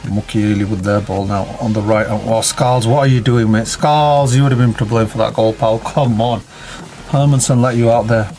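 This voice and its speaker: Guy chatting over a football sim match, reacts to every play, low music under him. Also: steady tone, moderate pace, a little mellow. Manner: chatty, reacts to the match and talks at his players. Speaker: video game commentator. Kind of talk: casual gameplay commentary.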